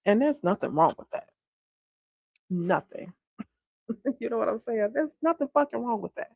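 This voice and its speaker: Gravelly, husky-voiced mom venting candidly. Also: female voice, fairly high pitch, lively intonation, moderate pace, darkish tone, no echo, muffled recording. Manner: candid and venting, swears freely; talks straight to viewers, often asks if they follow her. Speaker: stay-at-home homeschooling mom and livestreamer. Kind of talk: casual livestream chat.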